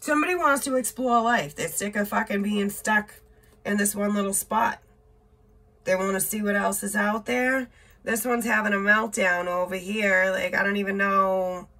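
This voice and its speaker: A woman's voice: mid-range voice, fairly even intonation, moderate pace, sharp tone. A woman doing a casual tarot reading, reading card words aloud in short bursts, blunt and swearing now and then. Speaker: tarot reader.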